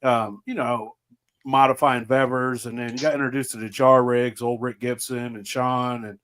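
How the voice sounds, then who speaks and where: A man's voice: mid-range voice, steady tone, moderate pace, a bit bright, smooth. A man guest chatting casually on a podcast, easygoing, laughing as he recalls stories and acts out quotes. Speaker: guest, moonshine partner.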